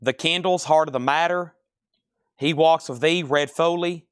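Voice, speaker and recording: A man's voice: on the high side, normal speed, clean tone, no room sound. Chatty man selling records live, dry sound. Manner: chatty, thinks aloud while sorting and pricing records. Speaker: record seller hosting a live sale. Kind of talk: casual live sales patter.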